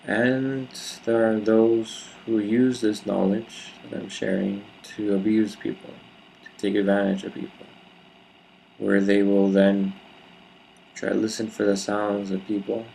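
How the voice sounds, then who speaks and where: A man giving a reflective solo talk to camera, explaining ideas in a slow, measured, deliberate way with pauses. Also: lowish voice, vocal fry, dark tone, slight background noise, low-quality recording. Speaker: video speaker.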